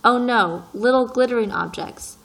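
A woman's voice: on the high side, normal speed, vocal fry, fairly bright tone, voice pushed up, low-quality recording. A fussy, self-important businessman speaks with precise, slightly raised force, as a woman reading an audiobook puts him on. He is peevish and pompous, a middle-aged man sure of his own importance.

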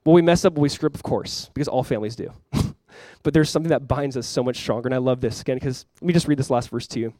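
A man's voice: medium pitch, fast talker, few pauses, mellow, dry recording, studio quality. A young man preaching a sermon to his church as pastor, earnest and conversational, with many fillers.

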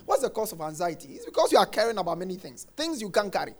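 A man preaching a sermon, quoting scripture and repeating his refrain, dropping soft and then shouting. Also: high-pitched, sing-song, quick pace, few pauses. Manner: emphatic, repeats phrases, swings between soft and shouted lines; quotes scripture, acts out congregants' complaints.

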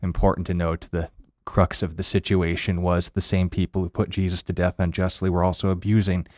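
A man co-hosting a Bible question show, answering in a quick, wry way with dry asides. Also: deep voice, level tone, a little mellow, no echo. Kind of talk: casual radio Bible Q&A.

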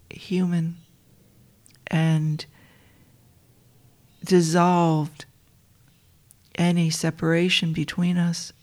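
A woman telling a personal story to listeners she calls dear friends, in a soft, intimate way that often drops to a whisper. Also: on the low side.

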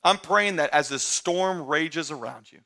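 A man preaching a sermon as pastor, talking straight to his church in a conversational way and often rising to emphatic, shouted excitement. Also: on the high side, a little slow. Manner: conversational, addresses the congregation directly.

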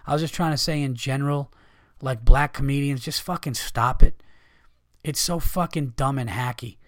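A man's voice: medium pitch, normal speed, a bit bright. A man rants on his comedy podcast in a mid-range voice, swearing freely and pushing his points hard. The recording is dry, with no room echo. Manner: profane, heated ranting. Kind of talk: casual podcast monologue.

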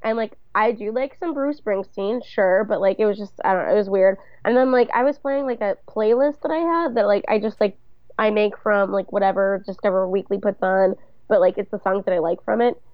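A woman's voice: mid-range voice, brisk, dry recording. A young woman chatting as a podcast co-host, her stories rambling and loose, full of restarts. Her voice sits in the middle of the range. The recording is dull, lo-fi and dry. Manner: rambling, loose, filler-heavy storytelling. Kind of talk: casual chat.

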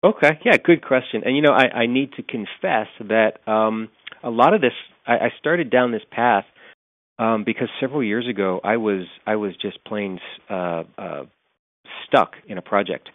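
A middle-aged man speaks in a fairly low voice, thinking aloud in an interview and circling back with fillers as he goes. His voice comes over a narrow, phone-like line with no room sound. He sounds reflective rather than rehearsed. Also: normal speed, no room sound. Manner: thoughtful, with many fillers and restarts. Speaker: author and guest. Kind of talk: conversational interview answers.

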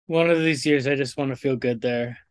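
A man co-hosting a podcast in casual chat, relaxed and questioning. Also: medium pitch, fairly quick, clean tone, no room sound.

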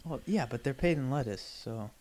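A man's voice: mid-range voice, animated, normal speed, darkish tone. A man co-hosting a comedy podcast, bantering in a mock-crotchety, playful way. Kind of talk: casual comedic chat.

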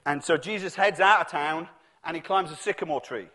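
A man with a slightly raised voice gives a sermon in a relaxed, conversational way. He tells the story as he goes and acts out the voices he quotes. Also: a little high, a little fast. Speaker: preacher.

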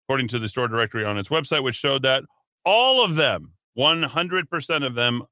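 Bright-voiced man hosting talk radio. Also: medium pitch, expressive, brisk, no echo. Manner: rambling, reads headlines then riffs with filler words. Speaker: radio talk show host. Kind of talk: talk radio news rundown with asides. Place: radio studio. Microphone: studio microphone.

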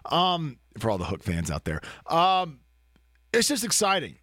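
A man's voice: fairly high pitch, huge pitch swings, measured pace, fairly bright tone, no echo, clean studio sound. A man, co-hosting a casual sports talk show, joking and trash-talking. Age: 30s. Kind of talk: casual chat.

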